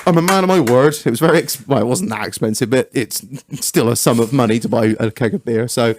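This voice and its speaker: A man co-hosting a podcast, telling sweary, animated stories in casual banter. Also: mid-range voice, fast talker, no echo. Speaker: podcast co-host.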